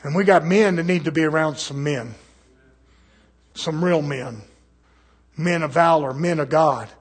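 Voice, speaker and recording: A man preaching a fiery, scolding sermon, swinging from loud exhortation to low, muttered asides. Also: a little slow, husky.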